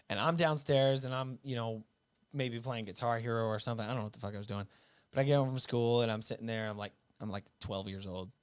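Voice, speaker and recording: A man from upstate New York telling family stories as a guest musician, relaxed, laughing often and swearing freely. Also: medium pitch, fairly quick, clear, resonant tone, dry recording. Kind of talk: casual storytelling.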